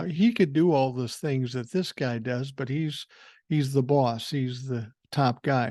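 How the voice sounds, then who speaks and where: An older man hosts a podcast, riffing bluntly and with some swearing as he reads listener emails. His voice sits at an ordinary middle pitch. The sound is dry and close. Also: a little mellow, dry recording. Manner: blunt, profane, opinionated, thinking aloud with fillers. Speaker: podcast host. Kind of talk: casual political commentary, reading listener emails.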